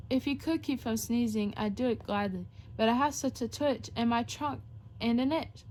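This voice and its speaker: A woman's voice: high-pitched, natural voice. A woman voicing a big, nervous male elephant in a children's storybook, in a rhyming, apologetic sing-song.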